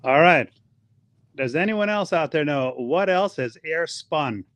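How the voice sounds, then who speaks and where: A man's voice: fairly high pitch, animated, unhurried, fairly bright tone, no echo. A middle-aged man co-hosting and modeling sweaters, joking in playful banter. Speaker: co-host and model.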